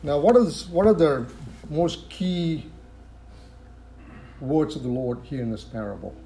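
Man, preacher, teaching sermon, slightly high pitch, warm dark tone, repeats for emphasis. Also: unhurried, a little hiss or hum. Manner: repeats phrases for emphasis, asks rhetorical questions.

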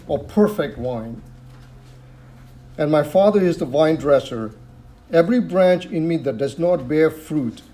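A preacher with a mellow voice on the high side teaches a sermon, reading scripture aloud and explaining it. He repeats phrases for emphasis and asks rhetorical questions.

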